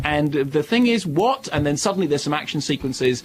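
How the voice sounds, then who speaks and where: A sardonic film critic ranting with animated, mocking asides. His voice sits a little high for a man, with faint noise underneath. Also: fairly quick, creaky, hardly any pauses. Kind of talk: radio film review.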